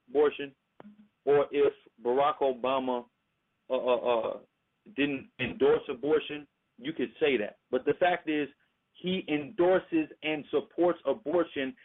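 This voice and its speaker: A young man rebutting in an online debate, indignant, with frequent "um" fillers. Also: medium pitch. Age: young adult. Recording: phone-like line, faint music.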